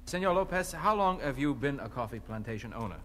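A man's voice: mid-range voice, lively intonation, quick pace, fairly bright tone, slight background noise. A man acting as a mock interviewer, formal and polite but flustered. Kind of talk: comedy sketch.

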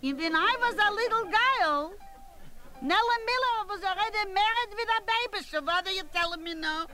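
A woman's voice: extremely high pitch, moderate pace, sharp tone, poor audio. A woman playing a gossipy, bossy woman, rambling and scolding in a comic monologue. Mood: gossiping. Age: 80s. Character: gossipy bossy elderly woman at a family gathering.

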